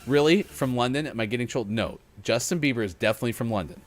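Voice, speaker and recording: A man's voice: mid-range voice, fast talker, slight background noise. A man hosting a gaming morning show, joking and rambling between readings of a gaming history list. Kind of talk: casual chat.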